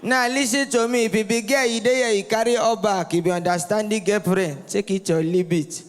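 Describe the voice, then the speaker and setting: A man's voice: sits high, fairly even intonation, fairly quick, clean tone, big-room sound. A Nigerian man doing a rowdy stand-up comedy set, teasing the crowd and calling for responses. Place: live comedy venue.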